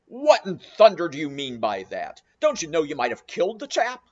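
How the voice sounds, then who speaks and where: Gruff old sea captain read by a man, loud and barking, quick to anger; storybook, dull lo-fi audio. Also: on the high side, huge pitch swings. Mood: angry.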